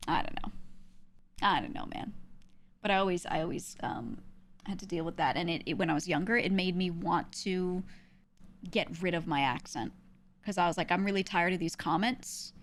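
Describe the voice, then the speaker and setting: A woman's voice: fairly low pitch, moderate pace. A young woman from New York, a streamer talking in a casual, rambling way and laughing often. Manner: rambling, laughs often, trails off with "I don't know".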